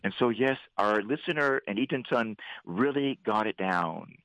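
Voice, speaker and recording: A priest hosting a Catholic radio show, preaching fervently and leading prayer. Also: male voice, on the low side, normal speed, dry recording, low-quality recording. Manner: fervent, preacherly, animated when voicing God. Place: radio studio.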